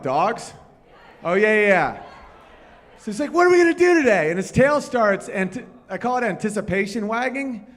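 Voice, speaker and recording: A man's voice: on the high side, a bit bright. A man doing stand-up comedy on a live stage, talking with the crowd and rambling through loose, profane stories.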